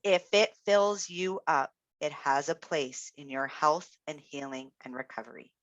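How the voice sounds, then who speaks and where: A woman's voice: low voice, measured pace, dry recording, highs cut off. A woman speech-language pathologist giving an encouraging, reflective webinar talk, with frequent fillers. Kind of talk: webinar presentation.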